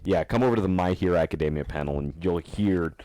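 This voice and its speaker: A man hosting a podcast, chatting casually and telling animated stories with frequent laughs and fillers. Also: low voice, quick pace, dry recording. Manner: animated storyteller, laughs often, many fillers. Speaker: podcast host. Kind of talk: casual chat.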